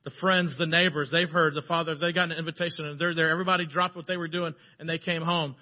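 A man preaching a sermon, telling the story with animated shifts between loud passages and hushed ones. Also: fairly high pitch, fast, hardly any pauses, lo-fi sound.

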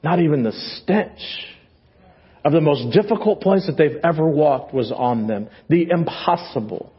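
A man with a Texan accent preaching a sermon as pastor, animated and then dropping to quiet emphasis. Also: on the high side, unhurried, husky, highs cut off. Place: church sanctuary.

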